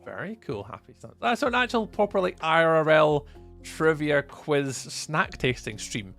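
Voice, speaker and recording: A man's voice: fairly high pitch, sing-song, measured pace, gravelly, fairly bright tone, soft background music. A Scottish man chatting casually with viewers while commentating a live game stream. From Scotland. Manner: friendly, chatty, greets viewers by name.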